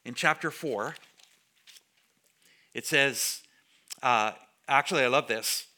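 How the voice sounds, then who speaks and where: A man's voice: medium pitch, slow, sharp tone. A man preaching a sermon to a congregation as their pastor, speaking in a conversational way and joking with the listeners. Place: church before a congregation.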